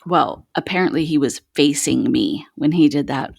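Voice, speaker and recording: A woman's voice: low-pitched, normal speed, creaky, darkish tone, slightly rough, dry recording, clean studio sound. A woman, a podcast host in the guest seat, candidly telling her own painful story in an earnest, raw way, with many "like"s and "um"s.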